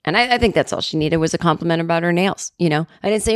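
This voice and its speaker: A middle-aged woman hosting a solo podcast, with a slightly low voice. She rants and spins stories with sarcasm and quick asides, recorded close and dry with no room sound. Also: no echo. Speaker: podcast host. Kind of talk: comedic solo rant.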